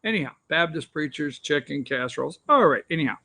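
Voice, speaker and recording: A man's voice: a little high, expressive, fast talker, gravelly, hardly any pauses, pushed and bright. A man hosting an opinion talk show, ranting with sarcastic, rambling asides.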